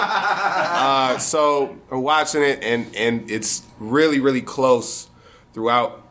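A man's voice: medium pitch, unhurried, fairly bright tone. A man from Michigan telling a funny personal story to a live audience, casual and profane, often chuckling.

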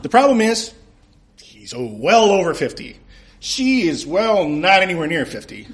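A man with a high-sitting voice tells a crowd a funny story about himself, animated and self-mocking, laughing often. He speaks at a measured pace, and there is a little hiss or hum in the audio.

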